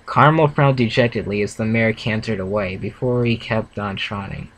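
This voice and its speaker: A man's voice: fairly low pitch, normal speed, few pauses, fairly bright tone, low-quality recording. Young man reading fanfiction aloud, stumbling. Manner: stumbling, self-correcting reading. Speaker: fanfiction reader, co-host. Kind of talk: casual read-aloud reaction.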